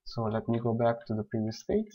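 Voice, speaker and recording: A man calmly explaining software steps one by one in a screen-recorded tutorial. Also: medium pitch, a little fast, breathy edge. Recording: dull lo-fi voice recording.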